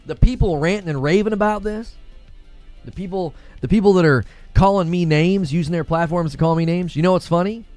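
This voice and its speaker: A man's voice: high voice, normal speed, darkish tone, dry recording, faint music behind. A man hosting a gaming live stream, giving heated, emphatic commentary and repeating phrases for effect. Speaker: gaming channel host.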